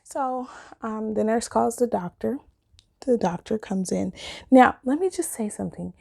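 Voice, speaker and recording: A woman's voice: a little slow, vocal fry. A woman telling a personal story in a casual vlog, acting out what people said with big jumps in her voice and frequent laughter. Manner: animated, acts out quotes with big pitch jumps, laughs often.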